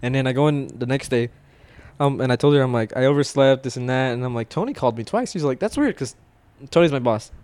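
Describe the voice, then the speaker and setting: A man's voice: mid-range voice, steady tone, fast, darkish tone, clear, resonant tone. A man in casual chat, rambling through work stories with plenty of swearing and frequent laughter. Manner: rambling storyteller, swears a lot, laughs often. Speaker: warehouse worker telling stories.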